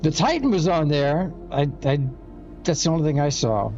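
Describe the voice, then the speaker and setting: A man's voice: a little high, big pitch swings, normal speed, a little mellow, dull audio, soft background music. A man co-hosting a casual gaming livestream, easygoing and laughing often. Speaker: co-host.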